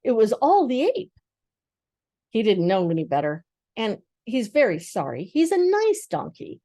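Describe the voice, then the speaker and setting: Figure: brave young girl, read by an older woman. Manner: eager, pleading. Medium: storybook reading. Sound: dry. Tone: mellow. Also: on the high side, huge pitch swings, measured pace, no echo, exaggerated voice.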